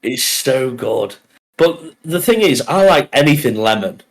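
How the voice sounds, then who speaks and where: A man's voice: mid-range voice, animated, measured pace, poor audio. A man co-hosting a casual podcast, joking and laughing often as he talks. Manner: jokey, laughs often between lines. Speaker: podcast co-host.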